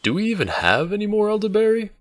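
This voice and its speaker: A man's voice: sits high, big pitch swings, fast talker, no room sound, soft background music, pitched above the performer's own voice. A man voicing a playful young male innkeeper's assistant who talks in a lilting, teasing way.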